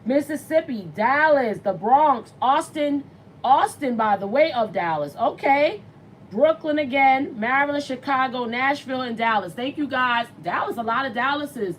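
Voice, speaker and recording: A woman hosting a morning talk show, chatting casually in slangy, animated speech and reading out viewer comments. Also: sits high, moderate pace, a little hiss or hum, poor audio.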